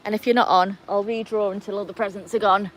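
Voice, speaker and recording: A woman chatting her way through a live stream, rambling and relaxed, full of "like" and "um". She talks outdoors by a pool in a middling voice, with faint ambient noise and dogs behind her. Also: medium pitch, quick pace. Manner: chatty and rambling, with many fillers. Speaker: live-stream host of a dog channel. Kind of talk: casual live-stream chat.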